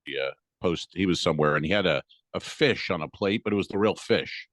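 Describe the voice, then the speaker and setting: Blunt low-voiced man teasing on a podcast. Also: brisk, a bit bright, no room sound. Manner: blunt, teasing, sweary banter. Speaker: podcast co-host. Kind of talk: casual comedy chat. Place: home in Tampa area. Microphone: video call.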